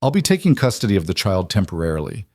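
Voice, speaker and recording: A man's voice: sits low, very animated, quick pace, darkish tone, dry recording, studio quality, exaggerated voice. A man voicing a stern frontier sheriff who speaks in a firm, official way.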